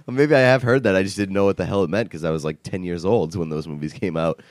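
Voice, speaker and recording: A man's voice: low-pitched, fast, no echo, clean studio sound. A man co-hosting a podcast, chatting casually in a wry, teasing way and laughing often. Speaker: podcast co-host. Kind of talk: casual chat.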